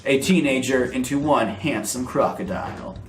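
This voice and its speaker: A man's voice: mid-range voice, moderate pace, faint music behind, lightly acted. Guy doing a cocky young croc, laid-back slangy drawl, roomy echo. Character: young crocodile man, cocky hired muscle. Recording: roomy echo, faint noise.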